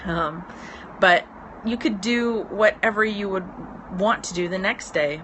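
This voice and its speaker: A woman's voice: medium pitch, measured pace. Chatty woman on a noisy porch. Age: 30s. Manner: rambling, chatty, frequent ums, laughs easily. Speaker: business mentor. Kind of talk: casual live-stream chat. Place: outdoor porch. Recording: outdoor porch with road noise. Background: road noise.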